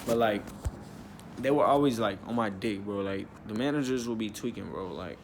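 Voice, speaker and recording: A young man telling a story from his life in a loose, slangy, profane way, with frequent "like" and "bro". He gets animated, and his pitch jumps when he is riled up. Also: normal speed, noisy background. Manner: animated, with bursts of rising pitch when worked up. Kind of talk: storytime vlog, casual chat.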